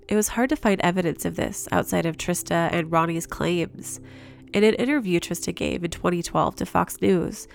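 A woman host narrating in a scripted, measured way that asks pointed questions. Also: lowish voice, vocal fry.

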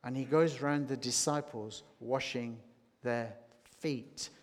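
Slow, deliberate male preacher in a hall. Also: mid-range voice. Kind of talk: sermon. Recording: long hall reverb.

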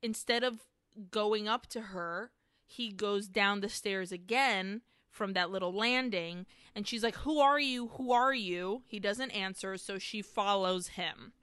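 A woman co-hosting a casual podcast, walking through a film plot with eager, laughing restarts. Her voice is bright and crisp, recorded close and dry. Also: mid-range voice, a little slow, dry recording. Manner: excited, retelling scenes with laughs and restarts. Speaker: podcast co-host. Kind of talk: casual film recap chat.

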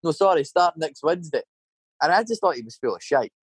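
A man's voice: fairly high pitch, animated, brisk, husky, no echo. Middle-aged Scottish man, Scottish accent, rambling and sweary chat storyteller, dry close sound. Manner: swearing, rambling anecdotes with tag questions.

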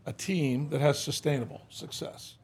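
An older man with a husky, breathy voice sits in a podcast studio and tells folksy stories. He acts out the quotes with animation, and his voice sits a little higher than most men's. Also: steady tone, normal speed, a little mellow. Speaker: guest, former baseball manager. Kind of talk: casual interview storytelling.

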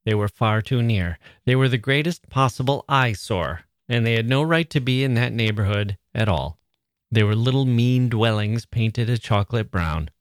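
A man's voice: medium pitch, dry recording. Man narrating a story, dry close sound. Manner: measured, storytelling. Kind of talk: audiobook narration.

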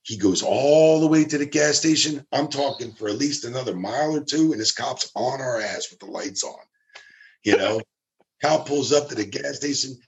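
Guy telling a wild road story, mid pitch, lots of voices for people, cusses and laughs. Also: moderate pace, creaky. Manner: animated storyteller, acts out quotes, swears, laughs. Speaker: storyteller guest. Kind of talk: casual anecdote telling.

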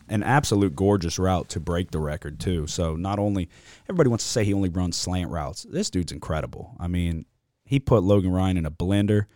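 A man's voice: low-pitched, dark tone, no room sound, studio quality. A young man hosting a casual sports podcast, telling stories bluntly and cursing freely. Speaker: podcast host.

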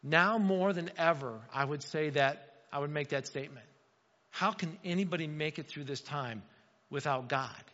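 A man delivers a sermon as pastor, his voice high and bright, pressing key lines by repeating them. The sound is muffled and dull, with a long reverb trailing through a large hall. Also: moderate pace. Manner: emphatic, repeats lines for stress.

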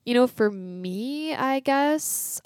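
A woman's voice: sits high, animated, extremely slow, clear, resonant tone, no echo, studio quality. A young woman around twenty, a college runner chatting as a guest in an interview, upbeat and full of likes and you knows. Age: about 20. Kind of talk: casual interview chat.

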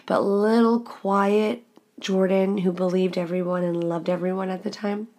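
A young woman hosting a podcast, telling a personal story in a candid, expressive way and swearing freely. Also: medium pitch, a little slow. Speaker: podcast host. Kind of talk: casual storytelling monologue.

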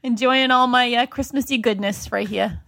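A woman's voice: on the high side, fairly even intonation, normal speed, vocal fry, bright, forceful tone. A woman with a thick Rhode Island accent, chatting casually as a podcast guest. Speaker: guest reviewer.

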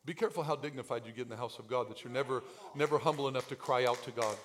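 A man pastor preaching a sermon in a church, swinging from quiet asides to shouted lines. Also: medium pitch, very fast, noisy background.

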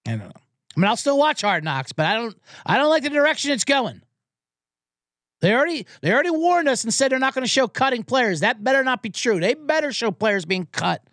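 Fired-up, high-voiced male podcast host. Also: big pitch swings, brisk, a bit bright, no echo, studio quality. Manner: profane, fired-up ranting. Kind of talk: comedic sports rant.

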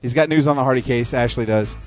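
A man hosting a casual talk radio show, chatty and quick to cut in, repeating words as he jumps in. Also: medium pitch, over loud music.

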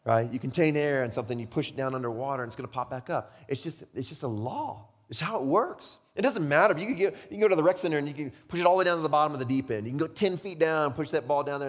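A man's voice: medium pitch, big-room sound. A pastor in his thirties preaching a sermon in a conversational way, repeating words and asking rhetorical questions.

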